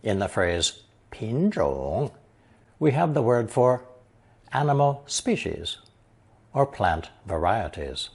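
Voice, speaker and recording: A man narrating a scripted language lesson, explaining slowly and carefully and reading example sentences aloud. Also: fairly low pitch, very animated, a little mellow, husky. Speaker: language teacher.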